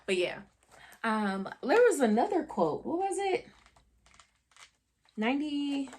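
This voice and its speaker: A woman's voice: high voice, big pitch swings, slow pace, a little mellow, slight background noise. A young woman talking through a book review in a candid, chatty way, full of fillers and asides. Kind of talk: casual book review talk.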